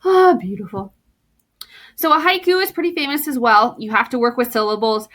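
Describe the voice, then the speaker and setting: Fairly high-voiced lady teacher, playful and warm, talking her students through some poems. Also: lively intonation, fast talker. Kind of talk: recorded lesson for students.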